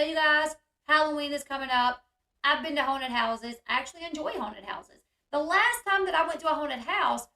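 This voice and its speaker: A woman hosting casual commentary on a video, talking in an animated way and acting out the yelling she describes. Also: sits high, creaky, roomy sound. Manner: animated, reacts loudly, acts out quoted yelling. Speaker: commentary host.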